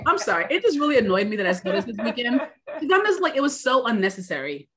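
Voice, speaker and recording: A woman's voice: sits high, sing-song, a little fast, crowd noise. A woman from New York co-hosting a podcast, ranting in casual, profane chat. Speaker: podcast co-host.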